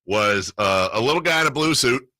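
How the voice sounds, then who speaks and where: A man hosting a sports radio show, telling animated stories in casual banter. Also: medium pitch, dry recording. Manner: animated storyteller, excitable, quick asides. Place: radio studio.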